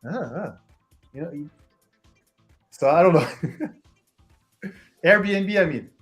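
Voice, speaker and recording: A host chatting casually with viewers on a livestream, halting and restarting while hunting for the right English word. The voice sits at a middling pitch, with soft music faintly underneath. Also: animated. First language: French. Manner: hesitant, searches for English words, restarts a lot.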